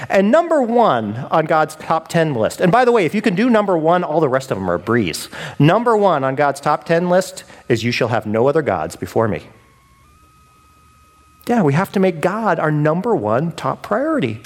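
A male pastor delivering a sermon in a relaxed, conversational manner, dropping in casual asides. His voice sits a little high for a man and swings widely in pitch as he preaches.

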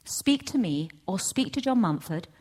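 A middle-aged woman giving a testimony at a church session, storytelling with lively acted-out dialogue. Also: moderate pace. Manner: animated storytelling, acts out voices with big pitch jumps. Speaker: church speaker. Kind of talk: testimony sermon.

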